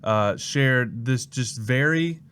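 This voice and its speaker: A man's voice: mid-range voice, takes it slowly, clear, resonant tone. A young man from Mississippi, a student pastor telling his story in a casual interview and acting out the people he quotes. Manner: lively storyteller who acts out quoted people.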